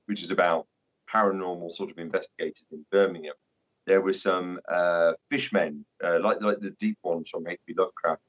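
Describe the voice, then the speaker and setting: A man speaking as a guest author in casual podcast chat, his voice very low. He is measured and appreciative and keeps dropping "you know". The audio is dull and lo-fi. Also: a bit bright.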